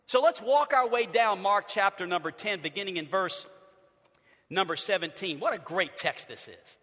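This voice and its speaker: Pastor guy in his 50s preaching, high bright voice, big echoey church hall. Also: normal speed. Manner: animated preaching, swings between loud and hushed. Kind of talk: sermon. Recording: long reverb of a large hall.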